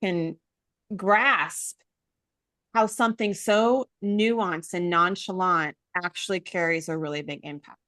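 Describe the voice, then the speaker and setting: Woman, forties, interview host, gushing, emotional, lowish voice, dry close sound. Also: takes it slowly, bright, forceful tone, dry recording. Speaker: summit host. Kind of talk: casual interview chat.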